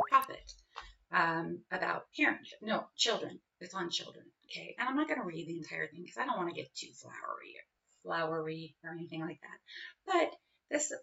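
A woman in her forties chats casually in a vlog, wandering off track and circling back with lots of fillers. Her voice sits low with a gravelly edge. She sounds set back from a dull, lo-fi mic. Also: fairly bright tone, recorded from a distance. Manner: rambling, self-interrupting, with many fillers. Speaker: vlogger. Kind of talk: casual personal talk.

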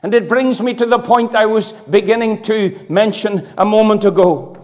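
A man preaching a sermon with fervour, his voice swinging from loud declarations to hushed appeals. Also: high voice, moderate pace. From Northern Ireland. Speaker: pastor. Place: church hall. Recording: long hall reverb.

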